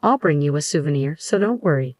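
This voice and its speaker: A woman's voice: low-pitched, animated, a little fast, darkish tone, no echo, studio quality. A woman voicing a self-centered, complaining husband in a narrated story, with a whiny, dismissive manner.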